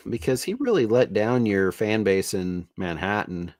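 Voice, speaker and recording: A man co-hosting a casual sports show, making his picks in a halting way. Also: lowish voice, big pitch swings, darkish tone. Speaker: co-host.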